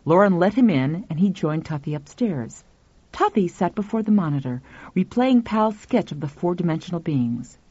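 Woman, audiobook narration, lively pitch, dry dull sound. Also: moderate pace, slightly rough, no echo.

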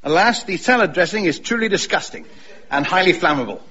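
A man playing a cheerful, dim-witted young gentleman full of daft schemes, talking eagerly. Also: high-pitched, animated, a little fast, muffled recording. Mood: excited. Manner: eager, chirpy, posh.

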